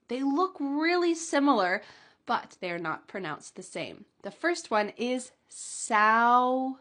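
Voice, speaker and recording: Slow, carefully enunciating woman teacher. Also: on the high side, pushed and bright. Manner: slow, clearly enunciated demonstrations with light laughs. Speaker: English pronunciation teacher. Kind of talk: pronunciation lesson.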